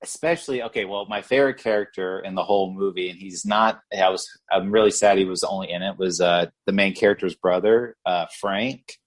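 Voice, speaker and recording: A man's voice: low-pitched, steady tone, brisk, hardly any pauses. A man co-hosting a podcast, chatting casually about a movie in a rambling way, with many restarts and "like". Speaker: podcast co-host. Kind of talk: casual movie review chat.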